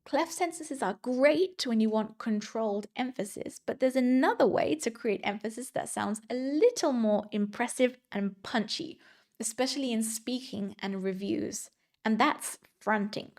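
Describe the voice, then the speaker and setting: A woman teaching a scripted English grammar lesson, speaking clearly and slowing down to read out example sentences. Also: a little high, a little mellow.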